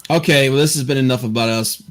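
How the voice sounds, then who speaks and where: Male podcast host, middle pitch, casual, rambling, stammers and restarts. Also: fast. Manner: rambling, stammering, lots of fillers. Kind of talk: casual chat.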